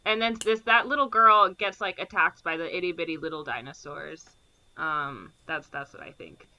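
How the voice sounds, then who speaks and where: A woman's voice: low voice, normal speed, sharp tone, dull audio. A woman co-hosting a podcast, chatting casually and guessing at a plot with hesitant fillers. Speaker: podcast co-host. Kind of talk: casual chat.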